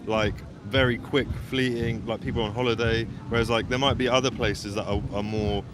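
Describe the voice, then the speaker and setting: A man's voice: mid-range voice, steady tone, brisk, background noise. A man from England talking in a thoughtful, hesitant, agreeable way in a casual chat outdoors.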